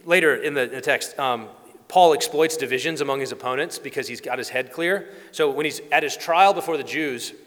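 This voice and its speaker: Male preacher, animated sermon delivery with acted asides, recorded in a reverberant hall. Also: medium pitch. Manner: animated storytelling, acts out quoted voices.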